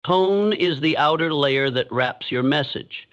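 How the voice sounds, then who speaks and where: A man reads a motivational script in a measured, deliberate way, leaving pauses so each point lands. His voice sits a little high for a man. The recording is dull and lo-fi. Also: a bit bright. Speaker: narrator.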